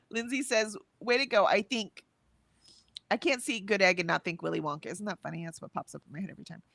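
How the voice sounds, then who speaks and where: A woman co-hosts a casual livestream, reading viewers' messages aloud and chatting between them. Her voice sits at an ordinary middle pitch and lifts brightly on cheers. The sound is dry and close, with little room around it. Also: fairly quick, creaky, dry recording. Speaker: livestream co-host reading chat.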